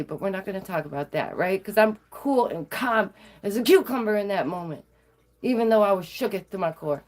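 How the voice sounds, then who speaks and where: A woman vlogger telling stories to her viewers in a sassy, animated way, laughing often. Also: medium pitch, normal speed. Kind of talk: casual storytelling to viewers.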